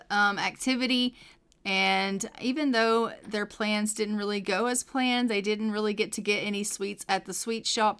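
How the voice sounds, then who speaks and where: A woman's voice: mid-range voice, fairly bright tone, clean tone. A young adult woman narrating a life-simulation game in a casual storytelling way, with frequent fillers. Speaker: let's play narrator.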